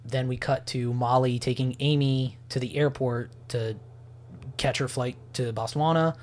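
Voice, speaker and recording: Guy rambling thru a movie recap, um's and like's everywhere, average pitch. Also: steady tone, unhurried, darkish tone. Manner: rambling, loose storytelling with many fillers. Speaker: podcast co-host. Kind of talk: casual movie recap chat.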